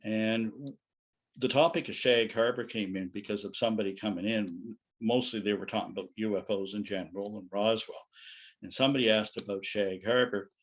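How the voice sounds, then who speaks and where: A man's voice: fairly low pitch, fairly even intonation, brisk. A middle-aged man telling anecdotes as a guest speaker in a loose, rambling way. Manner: rambling, anecdotal, frequent "you know". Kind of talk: casual storytelling lecture.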